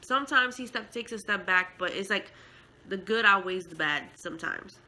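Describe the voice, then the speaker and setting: Heartfelt bright-voiced mother vlogging. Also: mid-range voice, normal speed, rough recording. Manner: heartfelt, emotional, with many fillers. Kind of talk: casual storytelling vlog.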